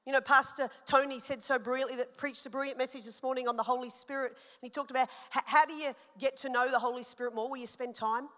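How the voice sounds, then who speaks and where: Bright-voiced woman pastor preaching in a hall. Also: high-pitched, fast talker, few pauses. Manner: animated, personal storytelling with rising emphasis. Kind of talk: sermon. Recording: long hall reverb.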